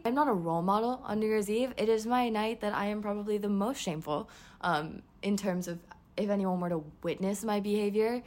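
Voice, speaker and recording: A woman's voice: medium pitch, darkish tone. A woman in her twenties hosting a podcast, giving a candid personal update in a chatty way and laughing often. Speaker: podcast host. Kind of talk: casual personal life update.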